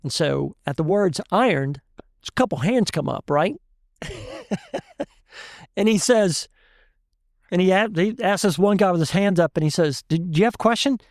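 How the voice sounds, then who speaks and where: A man, a chef and guest, telling an animated story in casual chat and laughing often. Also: high voice, unhurried, creaky, long pauses, dry recording, studio quality. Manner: animated, laughs often, tells stories with voices.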